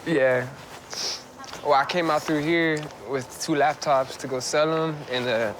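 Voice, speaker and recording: A man's voice: fairly high pitch, steady tone, measured pace, a little hiss or hum. A young man talking casually and swearing freely while walking outdoors. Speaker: interviewee. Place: outdoors on a street.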